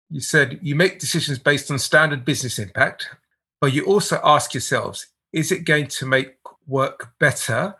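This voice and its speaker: A man's voice: mid-range voice, gravelly, bright, forceful tone, slightly rough. A man interviewing a business guest, asking long, thoughtful questions. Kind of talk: interview conversation.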